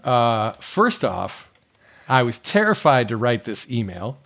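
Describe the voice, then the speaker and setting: A man's voice: mid-range voice, very animated, slow pace, fairly bright tone. A man co-hosting a podcast in casual chat, wry and joking, often breaking into laughter while reading a listener email aloud. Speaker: podcast co-host.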